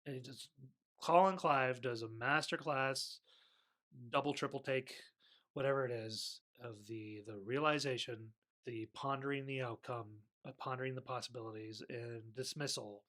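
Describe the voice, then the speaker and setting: A man giving casual, rambling movie commentary, animated and often correcting himself. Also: medium pitch, moderate pace. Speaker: movie reviewer.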